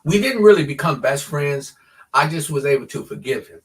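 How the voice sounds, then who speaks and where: A man in his sixties, a podcast guest telling his life story in an earnest, halting way with frequent restarts. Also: fairly high pitch, very animated, recorded from a distance. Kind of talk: personal storytelling in an interview.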